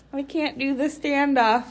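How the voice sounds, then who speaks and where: A woman's voice: mid-range voice, fairly bright tone. A woman co-hosting a podcast in casual chat, giggling often and talking with candy in her mouth. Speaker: podcast co-host.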